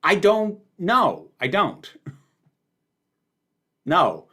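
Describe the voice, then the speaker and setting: A man's voice: high-pitched, huge pitch swings, drawn-out words, sharp tone, slightly rough. A man hosting a casual livestream, answering viewer questions in an opinionated, emphatic way with lots of fillers.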